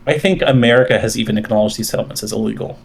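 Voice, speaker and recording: A man with a gravelly, creaky voice argues his side on an online debate call. He builds his case at length, with frequent fillers and restarts. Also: lowish voice, very fast. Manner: lays out a long argument with many fillers and restarts. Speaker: caller debating the host.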